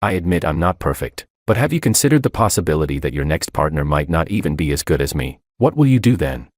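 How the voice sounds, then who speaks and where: A man's voice: very deep voice, sing-song, fast talker, dry recording, studio quality, heavily acted. A man voicing a proud, domineering businesswoman wife in an audiobook, speaking with a cool, reproachful manner. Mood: pleading.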